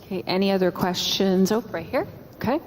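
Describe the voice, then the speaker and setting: A woman's voice: medium pitch, a little fast, slight background noise. A woman who volunteers with a theater guild, chatting and introducing people while moderating audience questions. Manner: friendly, chatty, laughing. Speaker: parent volunteer moderating talkback. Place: school auditorium. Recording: reverberant auditorium with crowd.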